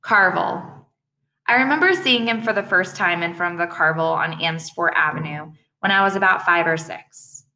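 A woman's voice: lowish voice, moderate pace, pushed and bright. A woman narrating a first-person audiobook in a plain, conversational way.

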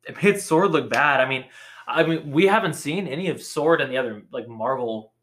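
Bright, laughing young man chatting. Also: mid-range voice, moderate pace. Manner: profane, laughing, filler-heavy. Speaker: podcast co-host. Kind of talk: casual chat.

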